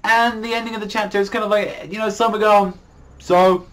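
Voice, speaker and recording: A man's voice: sits high, flat delivery, fast, a bit bright. A man giving a casual spoken review of a manga chapter, talking loosely in slang with lots of swearing and fillers.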